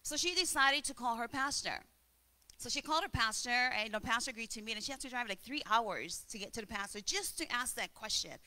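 A woman preaching a sermon, telling stories and demonstrating slow breaths. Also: a little high, sharp tone.

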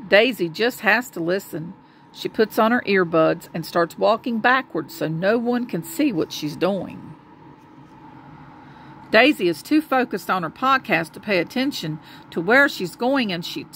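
A woman reading a children's storybook aloud to a child, gentle and expressive. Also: mid-range voice, slight background noise.

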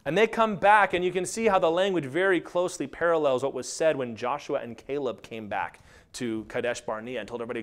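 A man preaching a sermon as pastor, animated and acting out quotes along the way. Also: mid-range voice, brisk. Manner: animated, acts out quotes and asides.

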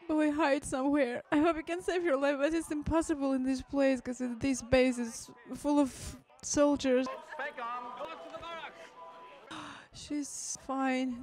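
A woman's voice: high-pitched, steady tone, takes it slowly, pauses often, crowd noise. A woman hosting a movie reaction who talks with strong emotion, exclaiming and speaking straight to her viewers. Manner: exclaiming and addressing viewers as guys.

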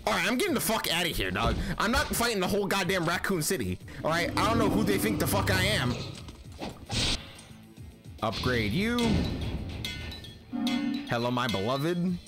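A man giving profane, excitable commentary while playing a video game, often shouting at it. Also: sits high, normal speed, pauses often, over loud music. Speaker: gaming channel host. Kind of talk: gameplay commentary.

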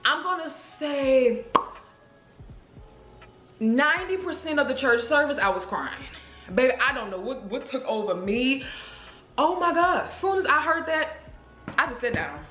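Animated woman vlogger in echoey room. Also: high-pitched, a little slow, pauses often. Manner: animated, emotional, addresses viewers as girl and y'all. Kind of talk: casual storytelling to viewers. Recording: roomy echo with faint music.

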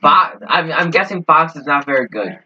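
A young man hosting a gaming session, bantering excitably with friends and breaking into squeaky yells, through a lo-fi mic. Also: normal speed, slightly rough, recorded from a distance. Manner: excitable, trash-talking, squeaky outbursts. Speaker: gaming channel host. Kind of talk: casual gameplay banter.

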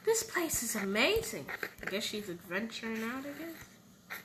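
A woman's voice: a little high, very animated, normal speed, background noise. A woman voicing characters in a casual game roleplay, playful and switching between voices.

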